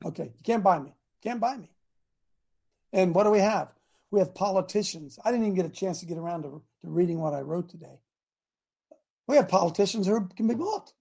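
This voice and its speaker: A man hosting a call-in talk show who preaches and builds up to shouting. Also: high-pitched, animated, fairly quick, vocal fry, breathy edge. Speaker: show host.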